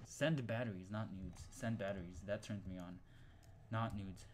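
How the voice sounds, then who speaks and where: A young man hosting his channel, giving jokey, profane commentary while playing a horror game, muttering one moment and yelling in panic the next. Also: lowish voice, moderate pace, a little hiss or hum. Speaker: gaming channel host.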